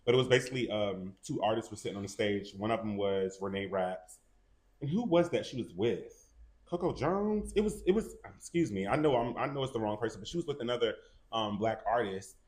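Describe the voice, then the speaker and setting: Man, low-pitched, animated co-host of a gossip chat. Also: fairly quick. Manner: animated, acts out quotes in raised voices. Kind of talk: casual celebrity gossip chat.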